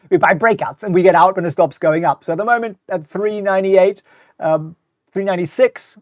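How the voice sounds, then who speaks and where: A man's voice: sits high, normal speed, dry recording, clean studio sound. German-accented man hosting live market talk. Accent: German, with British English. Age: middle-aged. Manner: casual, repeats words, reads viewer questions aloud. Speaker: host. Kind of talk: live market commentary stream.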